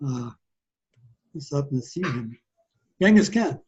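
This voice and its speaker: A man's voice: medium pitch, lively intonation, measured pace, a little mellow. An older man, the host's father, chatting casually in an easygoing, folksy way and laughing often. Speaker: father of the host. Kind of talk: casual family chat. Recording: dull lo-fi sound.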